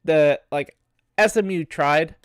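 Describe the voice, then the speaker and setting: A man with a lingering cough rambles through a casual sports chat with fillers and curses. His voice is smooth and resonant. It sounds dry and close to the mic. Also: on the high side, slow, dry recording. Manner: rambling, frequent fillers and swearing. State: has a cough. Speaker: podcast host.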